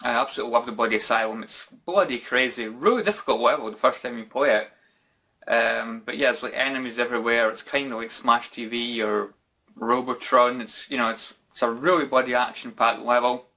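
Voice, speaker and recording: Scottish man, casual vlog host, chatty, informal, middle-pitched voice. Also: a little fast, pushed and bright. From Scotland. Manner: chatty and informal, says "bloody" and "mate" a lot. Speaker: YouTube gaming channel host.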